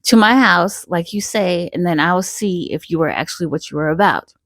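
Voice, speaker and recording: A woman's voice: on the low side, a little fast, fairly bright tone, dry recording. A woman voicing a selfish, famous male singer who talks in a casual, doubtful drawl. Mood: scoffing.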